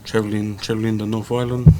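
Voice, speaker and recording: A man from South Auckland with a New Zealand accent, a podcast guest telling his life story in a relaxed, plain way. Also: fairly low pitch, fast, a little hiss or hum. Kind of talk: casual chat.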